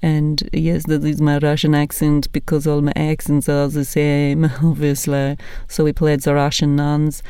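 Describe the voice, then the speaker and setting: A woman's voice: low voice, completely flat delivery, measured pace, hardly any pauses, dark tone, clear, resonant tone, dry recording. An Irish woman hosting a podcast, chatting in a loose, jokey, rambling way. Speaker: podcast host. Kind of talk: casual chat.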